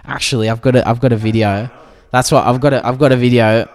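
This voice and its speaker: A man's voice: mid-range voice, quick pace. Swearing Australian man telling stories. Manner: animated storyteller, swears freely. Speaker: podcast co-host. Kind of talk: casual podcast chat.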